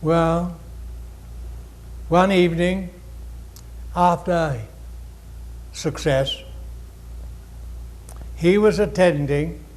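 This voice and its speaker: Man, spiritual lecture, slow and deliberate, gently formal, slightly high voice. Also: steady tone, slight background noise.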